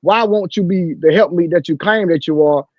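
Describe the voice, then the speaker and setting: A man with a fairly high voice makes pointed remarks in a panel debate. His sound comes through a muffled, lo-fi microphone, and the sound is dry. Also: moderate pace, darkish tone, slightly rough, no room sound.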